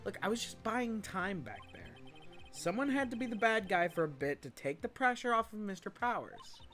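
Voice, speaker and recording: A man's voice: sits high, animated, normal speed, a bit bright, faint music behind, pitched above the performer's own voice. A man voicing an earnest young male defense lawyer in a fan game dub, reading plainly and sometimes half-laughing.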